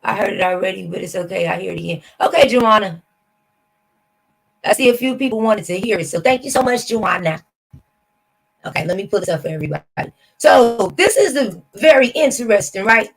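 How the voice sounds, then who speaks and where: A woman's voice: medium pitch, lively intonation, fairly quick, gravelly, husky, low-quality recording. A woman hosting a reaction stream, talking casually and skeptically straight to her viewers. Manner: chatty, talks to viewers directly, skeptical. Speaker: reaction channel host. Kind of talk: casual commentary.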